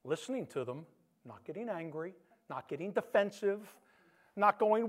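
Male pastor, high-pitched, animated conversational sermon delivery, loud-to-soft dynamics. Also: moderate pace. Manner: animated preaching, swinging between loud emphasis and soft hush.

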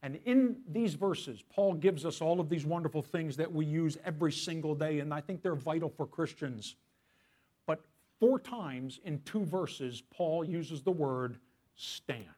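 A man preaching a sermon as pastor. He asks the congregation questions, slows down on key phrases and swings from loud emphasis to hushed whispers. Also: on the high side.

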